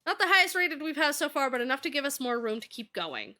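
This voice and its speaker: A woman reading a brisk show producer. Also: sits high, very animated, sharp tone, faint music behind, heavily acted. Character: businesslike female show producer.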